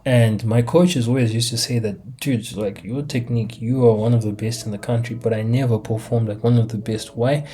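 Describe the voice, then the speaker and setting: A young man from Africa delivering a casual, animated monologue on a laptop mic, asking rhetorical questions and dropping into slang. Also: mid-range voice. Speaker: commentator.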